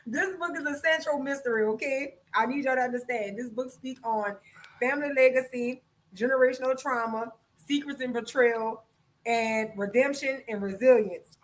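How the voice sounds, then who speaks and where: A woman's voice: high voice, normal speed, poor audio. A woman from Louisiana, hosting a live stream and chatting loosely to viewers about a book she likes, swearing freely. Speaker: podcast host. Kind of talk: casual live-stream chat, book recommendation.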